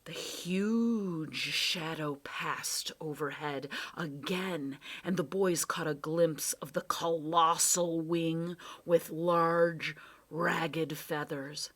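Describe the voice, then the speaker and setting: A woman's voice: low-pitched, very slow, a bit bright. A woman reading a children's adventure book aloud with dramatic storytelling. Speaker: reader.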